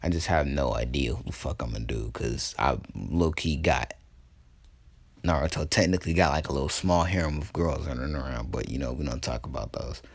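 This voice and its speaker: A man's voice: extremely low pitch, a little fast, gravelly, husky. A young man casually telling a fan-made story, laid-back and profane, trailing off with ums and laughing at his own jokes.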